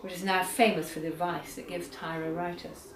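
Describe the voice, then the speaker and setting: A woman giving an academic lecture on poetry, measured, reading poems aloud slowly, recorded from a distance in a lecture hall. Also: fairly low pitch, level tone, a crowd in the background. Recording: echoey hall, far from the mic, audience.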